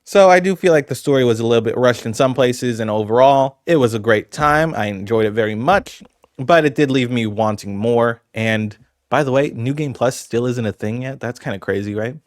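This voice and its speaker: A man's voice: mid-range voice, normal speed, no room sound, clean studio sound. A man casually talking through his ranking of video games, rambling and conversational with lots of asides. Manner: chatty, rambling, fillers like "you know". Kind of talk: casual commentary.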